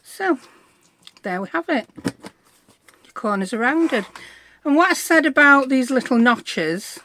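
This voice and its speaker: A middle-aged woman talks through a craft tutorial in a chatty, bubbly way. She pokes fun at her own clumsiness between steps. Her voice sits a little high. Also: lively intonation, slow, sharp tone, slight background noise. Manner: chatty, self-deprecating, bubbly asides. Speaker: craft vlogger.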